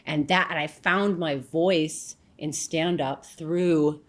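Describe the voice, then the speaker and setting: A woman from New York, a comedian guest telling stories in a casual interview, animated and chatty with lots of fillers and asides. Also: low voice, slow.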